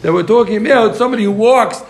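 Man, Talmud teacher, Gemara class, high voice, joking asides, echoey room. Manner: joking, quick asides to students.

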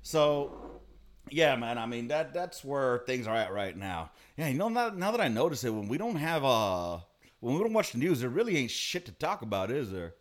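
A man's voice: medium pitch, sing-song, normal speed. A man co-hosting a podcast in casual chat, laid-back and profane, laughing often. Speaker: podcast co-host.

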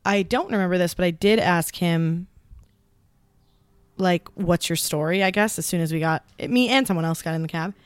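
A woman's voice: lowish voice, moderate pace, clear, resonant tone, dry recording. A woman co-hosting a podcast, telling a candid, amused story in casual chat. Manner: candid storytelling with frequent laughs. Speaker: podcast co-host.

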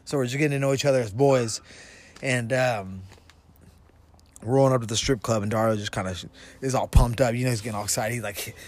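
A man's voice: mid-range voice, fairly even intonation, brisk, pauses often. A young man from the Pacific Northwest telling a rambling, laughing story on a casual podcast, recorded outdoors in the cold. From Vancouver, Washington. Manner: rambling, laughs through his story, swears freely. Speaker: podcast co-host.

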